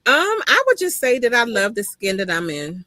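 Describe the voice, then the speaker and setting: A middle-aged woman co-hosting a podcast, reminiscing in a lively, teasing way. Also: medium pitch, normal speed, dry recording. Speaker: podcast co-host. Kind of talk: casual chat.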